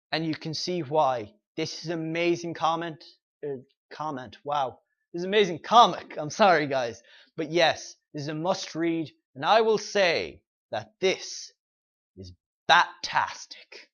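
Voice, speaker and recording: A man's voice: fairly high pitch, a bit bright. A man hosting a comic review show, casually retelling the plot with lots of fillers and quoted dialogue. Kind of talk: casual spoken recap and review.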